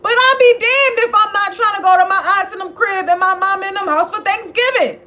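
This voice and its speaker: Sassy high-voiced woman host. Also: a little fast. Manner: sassy, blunt and swearing, scolding the people she talks about; animated, jumps between mocking outbursts and quiet asides. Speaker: commentary channel host. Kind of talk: casual profane gossip commentary.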